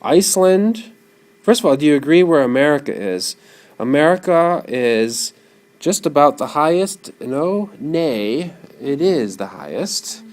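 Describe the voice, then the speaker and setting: A male lecturer talking through material in front of a class. He is animated and keeps questioning his students as he goes. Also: a little high, a little slow.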